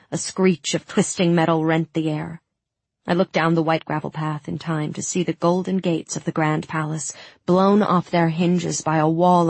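A woman narrating a fantasy audiobook in the first person, with steady, dramatic storytelling on a close studio mic. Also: low-pitched, breathy edge, dry recording.

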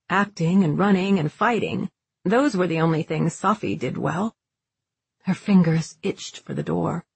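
A woman narrating a fantasy audiobook in a measured, unhurried storytelling manner. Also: lowish voice, creaky, darkish tone, breathy edge, dry recording.

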